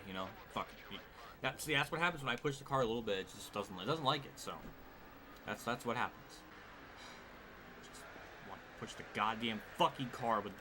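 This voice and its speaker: A man streaming a racing game at his desk at home, giving live commentary full of exasperated, swearing outbursts. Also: medium pitch. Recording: steady background noise.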